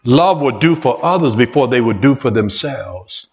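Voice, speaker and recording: A man's voice: medium pitch, expressive, moderate pace. A man preaching a sermon in a church, folksy and repetitive, talking straight to the congregation. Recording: muffled echoey church hall recording.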